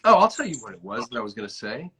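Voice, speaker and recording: A man hosting a casual chat over a video call, telling stories animatedly and sometimes slowing down to reflect. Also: mid-range voice, husky, poor audio. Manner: animated storyteller, often stretching out reflective phrases. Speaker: host.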